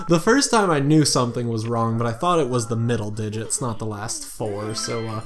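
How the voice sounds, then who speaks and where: A man hosting a let's play deep into the night, worn out and rambling. He thinks aloud, jokes at his own slips and tosses off asides in a middle-pitched voice. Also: normal speed, music in the background. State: tired late at night. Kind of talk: casual gameplay commentary.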